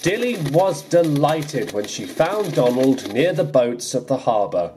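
A man narrating a children's storybook adaptation in an expressive reading style, with music underneath. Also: medium pitch, a little slow, few pauses, slight background noise.

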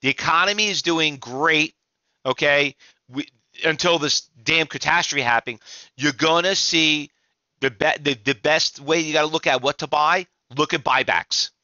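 A man's voice: a little high, moderate pace, sharp tone, no echo, muffled recording. Tired, rambling man. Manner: rambling, restarts often, emphatic. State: exhausted. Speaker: trading instructor. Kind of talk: casual market commentary to viewers.

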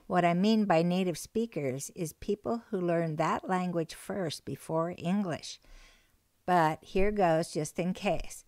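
A woman teaching a recorded language lesson, speaking slowly and patiently and repeating key words with care. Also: on the low side, a little mellow, no room sound. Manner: slow, careful, patient delivery with repeated phrases.

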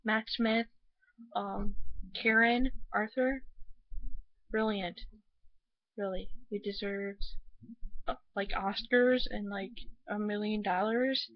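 A woman's voice: medium pitch, steady tone, slow, long pauses, no room sound. Young woman from the United States, casual rambling vlog review, gushing, lots of fillers, just finished crying, dry dull lo-fi recording. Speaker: vlogger. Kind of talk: casual emotional video review.

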